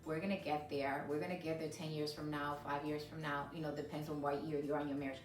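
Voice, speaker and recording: A woman co-hosts a faith-based marriage ministry show, speaking emphatically and voicing her own inner thoughts aloud. Her low voice comes across flat and quick, with a roomy, distant-mic sound and soft music behind.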